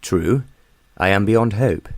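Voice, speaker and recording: A male audiobook reader voicing an arrogant young gentleman who teases in a mocking drawl. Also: lowish voice, takes it slowly, no room sound. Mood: teasing.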